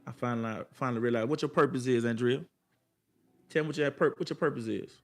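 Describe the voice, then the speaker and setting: A man's voice: medium pitch, fast. A man giving an emphatic, colloquial motivational talk to the camera, repeating his lines in a preacher-like cadence and speaking straight to his viewers. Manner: colloquial, addresses viewers directly.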